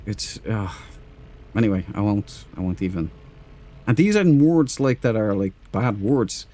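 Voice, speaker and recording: Warm and very animated yet measured in pace, a lowish male voice belongs to an Irish streamer playing a space game. He chats to viewers in a rambling way and talks to his in-game crew too.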